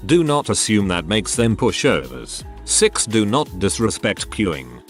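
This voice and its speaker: A man narrating a series of online forum posts in a wry, deadpan way. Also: lowish voice. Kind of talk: scripted narration.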